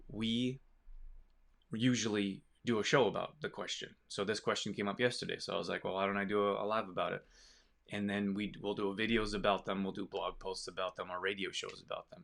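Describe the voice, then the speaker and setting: A man's voice: fairly low pitch, steady tone, normal speed, gravelly, a bit bright. A man who runs a business, talking casually to camera in a rambling way, with many restarts and side stories. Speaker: business owner.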